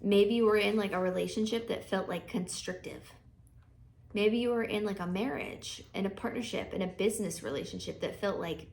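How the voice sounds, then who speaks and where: A woman's voice: mid-range voice, moderate pace, vocal fry, darkish tone. A woman giving a casual, chatty tarot reading, thinking aloud with frequent fillers and restarts. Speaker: tarot reader.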